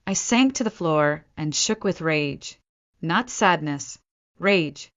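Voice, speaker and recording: A woman narrating a first-person story in a measured storytelling way, on a dull lo-fi recording. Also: sits low, lively intonation, fairly bright tone.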